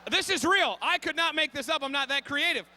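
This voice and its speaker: A man in his thirties telling a comic story on stage, animated and frantic, bursting into shouts. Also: very high voice, brisk, slight background noise. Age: 30s. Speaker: comedian.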